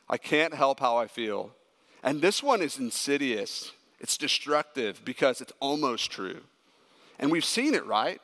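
A man preaching a sermon as a pastor, emphatic and animated when he tells stories. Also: medium pitch, gravelly. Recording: echoey hall with long reverb.

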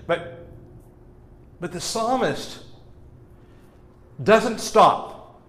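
Slow, earnest male preacher in an echoey room. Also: high voice, animated, fairly bright tone. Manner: earnest, rising to emphatic stress on key words. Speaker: pastor. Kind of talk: sermon.

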